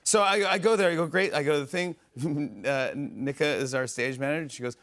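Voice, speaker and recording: Man, talk show host, excited rambling anecdote, laughs often, studio. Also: a little high, brisk, hardly any pauses. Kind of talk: casual storytelling monologue. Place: TV studio stage.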